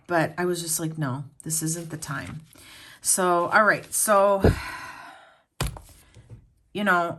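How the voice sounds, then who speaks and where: Middle-aged woman, deep low voice, casual vlog chat, rambling, talks to viewers at home. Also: a little hiss or hum. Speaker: planner vlogger.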